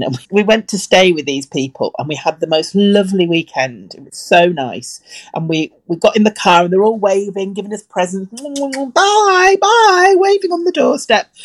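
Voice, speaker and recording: A middle-aged woman co-hosting a casual chat, telling bawdy stories with big swings in her voice. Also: no room sound. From partly Scottish family. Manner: animated, bawdy storytelling with big swings in pitch. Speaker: podcast co-host.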